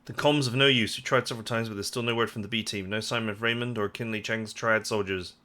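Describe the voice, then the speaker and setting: A man's voice: lowish voice, steady tone, fast talker, sharp tone. A man hosting a let's play, reading game text aloud dramatically and chatting casually about the game with lots of "like". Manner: casual asides full of "like", dramatic read-aloud of game prose.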